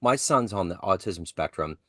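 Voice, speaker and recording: A man hosting an interview podcast, chatting casually and getting animated and laughing as he tells a story. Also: sits low, normal speed, dry recording, clean studio sound. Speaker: podcast host.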